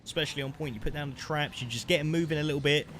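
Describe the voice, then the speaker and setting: A man giving live commentary over his gameplay, chatty and excitable, calling the listener mate. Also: on the high side, rapid-fire. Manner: excitable, bursts into loud shouts at big plays. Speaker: gaming streamer. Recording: noisy background.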